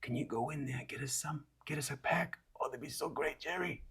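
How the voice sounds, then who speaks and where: A man's voice: fairly high pitch, brisk, fairly bright tone, breathy edge, full character voice. A man doing a wheedling little steam creature. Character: steam creature, mid-sized, folksy and friendly.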